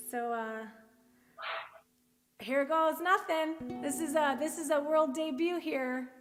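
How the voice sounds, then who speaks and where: A woman's voice: sits high, slow pace, pauses often. A woman musician chatting casually and with a giggle between songs at a live event. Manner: giggly, informal. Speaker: musician and host. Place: live performance venue. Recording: long reverb with music behind.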